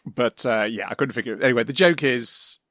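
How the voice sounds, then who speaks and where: A man hosting an anime podcast, moving topics on briskly with a wry tone. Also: medium pitch, fairly bright tone, dry recording. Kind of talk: casual anime discussion. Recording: dry close mic.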